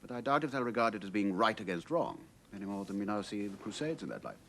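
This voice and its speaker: An actor playing a cynical middle-aged writer and war veteran, who talks in a measured, philosophical way. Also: male voice, on the low side, sing-song, fairly bright tone, heavily acted. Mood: reflective. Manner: measured, world-weary, philosophical. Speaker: host sheltering a stranger.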